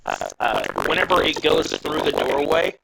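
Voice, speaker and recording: Gravelly guy game-mastering, lively voice, noisy background. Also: on the high side, moderate pace. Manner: casual, rambling. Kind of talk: narrating a tabletop game.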